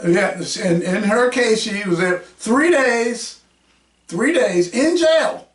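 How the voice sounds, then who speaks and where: Fiery high-voiced man ranting on a podcast. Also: animated, takes it slowly. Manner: combative, mocking, raises voice to shout. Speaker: podcast host. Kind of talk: heated podcast rant. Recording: roomy echo, mic at a distance.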